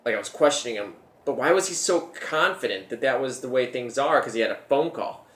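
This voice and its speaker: A man's voice: medium pitch, expressive, a little fast, a bit bright, echoey room. A man hosting his own show, telling a personal story in a rambling, casual way, often repeating his words as he goes.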